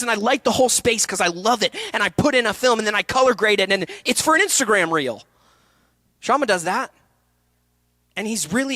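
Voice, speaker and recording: A man in his thirties giving an energetic acting workshop talk, jumping into quick voices and asides as he goes. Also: high voice, no room sound. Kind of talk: conference talk.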